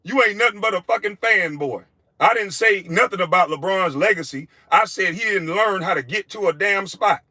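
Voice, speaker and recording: A former pro basketball player delivering an angry, profane video rant, heated and insulting. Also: male voice, high voice, normal speed, sharp tone, no room sound.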